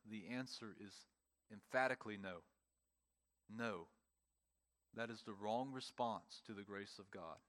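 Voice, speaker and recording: A man preaching a sermon, emphatic, with pauses and repeated phrases, speaking to a congregation in a church. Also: fairly low pitch, fairly bright tone. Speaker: pastor.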